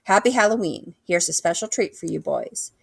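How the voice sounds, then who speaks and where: A woman voicing a stern, fussy male dentist who gives bossy orders slowly in a storybook reading. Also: fairly low pitch, animated, vocal fry, breathy edge, no room sound, full character voice. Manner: slow, scolding and bossy.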